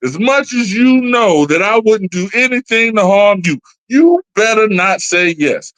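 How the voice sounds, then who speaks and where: A man's voice: high voice, lively intonation, unhurried, few pauses, a bit bright, no echo, rough recording. A man co-hosting a casual movie-discussion podcast, going off on playful, mock-serious rants. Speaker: podcast co-host.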